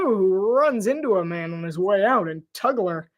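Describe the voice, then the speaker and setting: A man doing amateur play-by-play commentary of a basketball game on his own, rising in excitement on big plays and sometimes tripping over player names. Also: high voice, normal speed. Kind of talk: amateur live sports commentary.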